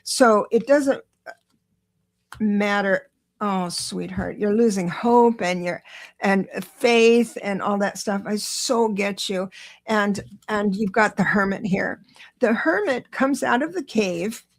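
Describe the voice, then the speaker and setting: A middle-aged woman giving an excitable, reassuring live tarot reading, talking straight to her viewers. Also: medium pitch. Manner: chatty, reassuring, talks to viewers directly; excitable, rushes then slows down.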